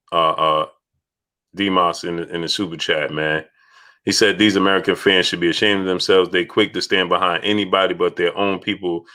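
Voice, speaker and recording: A man's voice: deep voice, sharp tone. A man hosting a casual livestream, greeting chat donors and repeating himself as he talks. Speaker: livestream host.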